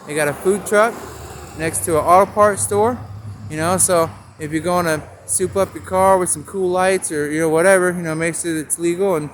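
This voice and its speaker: Man, slightly high voice, rambling and free-associating, punning on signs, out on a town street, faint traffic noise behind. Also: fairly even intonation, normal speed. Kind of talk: rambling outdoor monologue.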